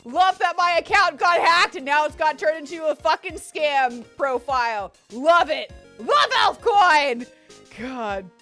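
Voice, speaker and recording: A young woman streaming a game playthrough, talking to her chat with animated, profane, mock-angry rants. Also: sits high, unhurried, faint music behind. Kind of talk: live game playthrough commentary.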